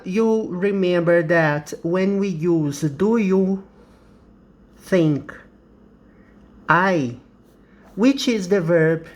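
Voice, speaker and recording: Slow, deliberate Brazilian-accented male teacher. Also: high voice. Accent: Brazilian Portuguese. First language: Portuguese. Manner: deliberate, repeats example sentences. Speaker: English teacher. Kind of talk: English lesson explanation.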